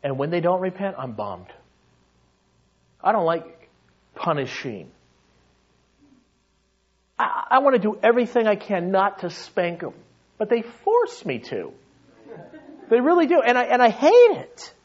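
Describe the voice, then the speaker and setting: A man with a very high voice delivers a sermon with sweeping intensity. He drops to hushed, intimate tones, then rises to shouting fervor. The recording is dull and lo-fi. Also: huge pitch swings, measured pace, pauses often. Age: adult with young sons. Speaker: pastor.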